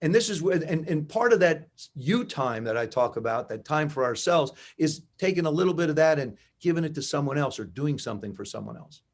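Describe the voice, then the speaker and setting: A man in his seventies from New Jersey, a guest in an interview, telling animated stories and acting out dialogue. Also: fairly high pitch, a little fast, few pauses. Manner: animated anecdotes with acted-out dialogue. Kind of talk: conversational storytelling.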